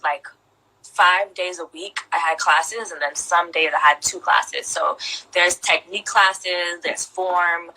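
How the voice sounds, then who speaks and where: Young woman, very bright voice, giggly, self-deprecating, casual interview guest. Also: lowish voice, poor audio.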